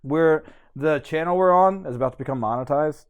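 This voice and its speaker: A man's voice: fairly high pitch, brisk, smooth, highs cut off. A man who is a comedian guest on a podcast, joking and putting himself down in loose banter. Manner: joking, self-deprecating, animated.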